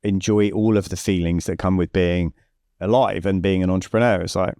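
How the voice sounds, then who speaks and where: A man in middle age speaks in a low, steady voice, recorded close and dry with no room around him. He tells stories as a guest coach, voicing the other people in them and circling back to restart his thoughts. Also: fairly quick, clean tone, no echo. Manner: animated storyteller who acts out quoted dialogue, frequent restarts. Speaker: business coach, podcast guest. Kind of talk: conversational storytelling interview.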